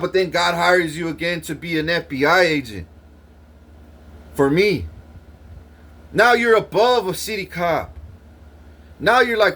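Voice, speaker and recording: A man in a rambling, profane monologue, swearing and issuing threats, his voice jumping up in pitch when heated. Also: expressive, a little slow, long pauses, bright, forceful tone.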